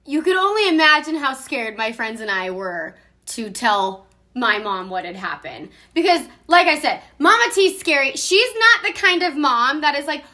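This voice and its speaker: A woman in her thirties telling a casual, animated story, swearing and laughing as she goes. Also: high voice, normal speed.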